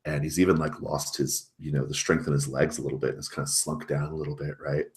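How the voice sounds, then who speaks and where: A man narrating as game master of a tabletop role-playing game, animated and casual. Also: extremely low pitch, fast talker. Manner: animated, casual, many fillers.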